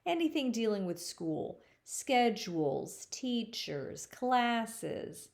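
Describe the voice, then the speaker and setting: A middle-aged woman, a school counselor, giving a playful, jokey presentation to young students and slowing down to stretch words for emphasis. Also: a little high, big pitch swings, gravelly. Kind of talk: friendly recorded presentation to fifth graders.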